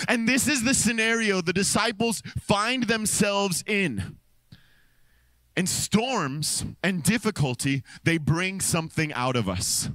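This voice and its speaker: American male pastor, higher-pitched, dry close-mic sound, animated storyteller who acts out the quotes. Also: unhurried, no room sound. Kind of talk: sermon with personal story. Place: church stage. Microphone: stage microphone.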